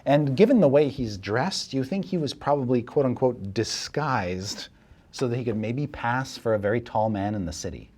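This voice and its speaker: Man, dungeon master, casual narration, chuckles, fillers, mid-pitched voice. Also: expressive, moderate pace, darkish tone, slightly rough. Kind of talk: narrating a tabletop game.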